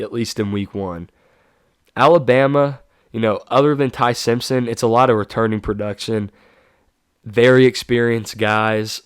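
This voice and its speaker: A man hosts his own sports talk show, running through game predictions in a casual, offhand way. He often catches and corrects himself mid-sentence, and his voice is smooth and resonant. The close, dry recording leaves no room sound. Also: fairly low pitch, no room sound. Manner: casual, self-correcting, hyping players.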